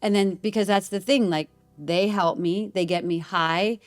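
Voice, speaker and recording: A woman's voice: mid-range voice, normal speed, no echo. A middle-aged woman telling a long personal story in a casual interview, rambling, with restarts and acted-out quotes. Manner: rambling, animated retelling with restarts and quoted voices. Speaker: guest.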